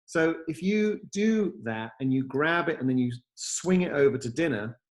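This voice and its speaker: A man's voice: a little high, expressive, normal speed. A man hosting a casual video-call chat, demoing his app from home in an upbeat, rambling way with lots of fillers and restarts. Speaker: software company host demoing his app.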